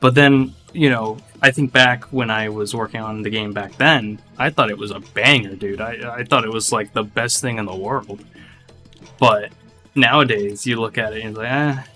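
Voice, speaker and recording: A man's voice: fairly low pitch, normal speed, sharp tone, soft background music. A man, a game developer, chatting casually in a laid-back, slangy way and laughing easily. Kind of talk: casual chat on a dev stream.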